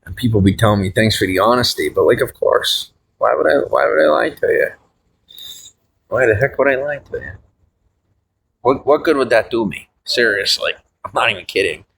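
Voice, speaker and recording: A man's voice: expressive, fairly quick, vocal fry, few pauses, rough recording. Rambling young man, faint background noise. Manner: rambling, swings between mumbling and loud high outbursts. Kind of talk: rambling solo vlog monologue.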